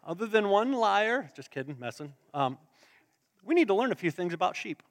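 Pastor, male, high-pitched, playful and interactive with the pews; close dry sound. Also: sing-song, moderate pace, no room sound. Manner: playful, interactive, joking with the congregation. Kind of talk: sermon. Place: church sanctuary.

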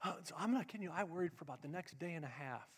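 A middle-aged man preaching a sermon as pastor, swinging between loud emphatic lines and hushed, confiding asides. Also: on the high side, animated, very fast, slightly rough. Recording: long reverb of a large hall.

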